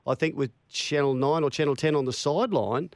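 A man's voice: fairly high pitch, brisk, no room sound, studio quality. An Australian man hosting a radio show, telling stories and laughing easily. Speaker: radio host. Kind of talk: casual radio banter.

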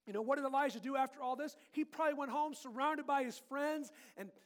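Man, very high voice, animated children's pastor leading a playful sermon with kid volunteers. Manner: animated, playful, swings between loud and hushed.

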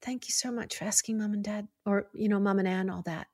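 A woman's voice: medium pitch, fairly even intonation, a little fast, warm tone, no echo, studio quality, close to an everyday voice. A woman putting on a grateful English man. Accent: put-on English accent.

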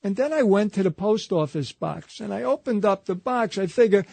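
High-voiced man telling a story. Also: lively intonation, moderate pace, vocal fry, darkish tone, no echo. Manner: retells a story through a chain of quoted dialogue, repeating "he said". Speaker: interview guest. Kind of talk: conversational storytelling anecdote.

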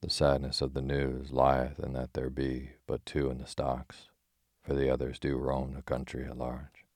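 A man's voice: rumbling low, monotone, a little mellow, no echo, studio quality. A man voicing a bold, cheerful outlaw who jests in old-fashioned speech, in an audiobook reading. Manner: archaic speech, measured, teasing.

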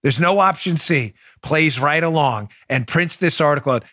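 A man hosting a political podcast, talking in a sarcastic, mocking way with loud bursts and muttered asides. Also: a little high, lively intonation, normal speed, no room sound, studio quality. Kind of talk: opinionated solo commentary.

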